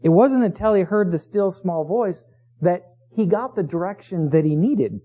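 A man preaching a sermon as pastor, swinging from hushed lines to loud emphasis. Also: high voice, animated, moderate pace, breathy edge. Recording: tinny phone-like recording.

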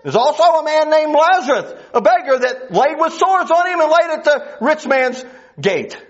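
A man's voice: very high-pitched, lively intonation, moderate pace. A man preaching a sermon, emphatic and full of rhetorical questions, on a dull lo-fi recording.

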